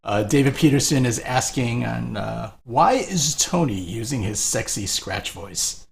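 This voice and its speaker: A man with a gravelly, fry-tinged voice co-hosts a live painting stream. He chats loosely and laughs a lot. His pitch sits in the middle range, and he greets viewers as he paints. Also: animated, unhurried. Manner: chatty, laughs often, reads viewer names. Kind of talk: casual live-stream chat.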